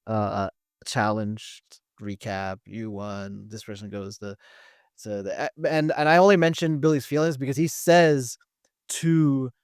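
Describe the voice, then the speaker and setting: A man's voice: on the low side, little pitch movement, measured pace, clear, resonant tone, dry recording, clean studio sound. A man hosting a podcast, chatting casually and often restarting his sentences as he recaps a show. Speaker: podcast host.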